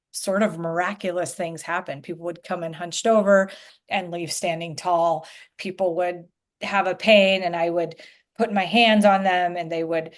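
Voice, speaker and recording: A middle-aged woman, an energy healer guest on a podcast, telling her story in an animated way and acting out the voices of people she quotes. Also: on the low side.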